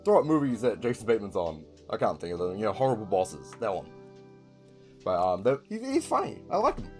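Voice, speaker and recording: Rambling young Kiwi man, lowish voice. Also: huge pitch swings, brisk, soft background music. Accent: New Zealand. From New Zealand. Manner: rambling, swears often, frequent ums. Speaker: video creator. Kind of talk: casual chat.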